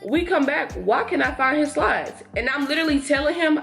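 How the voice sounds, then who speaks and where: A woman's voice: on the high side, moderate pace, faint music behind. Chatty young woman telling a storytime. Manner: chatty, animated, talks straight to viewers. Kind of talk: casual storytelling while doing makeup.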